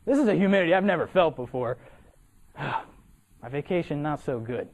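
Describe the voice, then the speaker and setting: Young guy from massachusetts telling a funny story in a speech, lively, acts out voices, kinda high voice. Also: normal speed. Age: young adult. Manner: animated, acts out the people in his story. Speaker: cadet giving a competition speech. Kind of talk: humorous personal storytelling speech.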